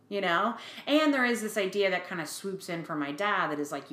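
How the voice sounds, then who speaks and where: A woman's voice: mid-range voice, normal speed, hardly any pauses, roomy sound. A woman in her forties co-hosting a podcast, chatting casually and animatedly, with lots of fillers. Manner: chatty, animated retelling with fillers and quoted voices. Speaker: podcast co-host. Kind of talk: casual chat.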